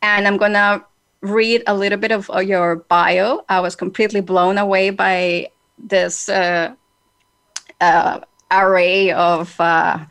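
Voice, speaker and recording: A woman with a Spanish accent hosts a reflective podcast conversation. Her voice sits at a middle pitch. She speaks earnestly and deliberately, pausing on small fillers as she gathers her thoughts. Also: level tone, a bit bright, smooth. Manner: earnest, measured, with hesitant fillers. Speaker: podcast host.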